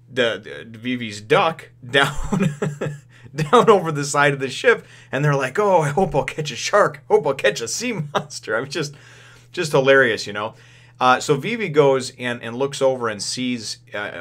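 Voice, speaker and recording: A man's voice: mid-range voice, a bit bright. A man giving a casual spoken review of a manga chapter. He rambles, chuckles often and leans on lots of fillers as he retells the plot.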